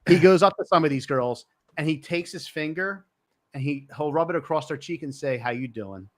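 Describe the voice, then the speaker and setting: A man's voice: on the high side, brisk, no room sound, studio quality. A man on a podcast as a guest, telling rambling, profane stories in casual chat. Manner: rambling storyteller, swears freely.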